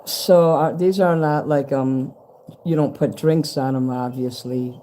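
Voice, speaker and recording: A man's voice: mid-range voice, fairly even intonation, measured pace, warm tone. A man chatting casually to camera as he unboxes a fan's package at home, rambling, swearing and easily delighted. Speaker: vlogger opening a fan's package. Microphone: handheld camera.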